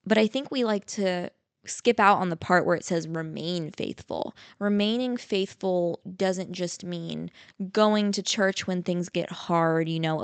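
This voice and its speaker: A young woman in her twenties hosting a casual faith podcast, telling a story in a chatty, lively way with lots of "like" and "you know". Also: lowish voice, vocal fry, smooth, no room sound. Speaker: podcast host.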